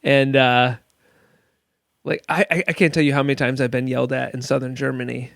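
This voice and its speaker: A man's voice: medium pitch, flat delivery, vocal fry, a bit bright, no echo, studio quality. An American man hosting a podcast, curious and giggly, asking questions in casual chat. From United States. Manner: giggly, curious, quick to laugh. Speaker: podcast host.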